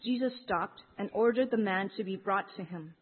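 Woman, scripture reading, measured, husky, tinny phone-like recording. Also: medium pitch. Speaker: scripture reader. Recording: narrow phone-like sound.

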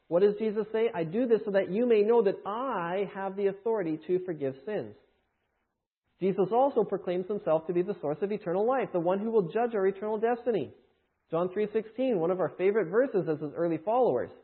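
A man teaching from scripture in a sermon, answering his own rhetorical questions with emphasis. His voice is husky and pitched high. It comes through thin and tinny, like a phone line. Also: expressive, a little fast. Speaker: preacher.

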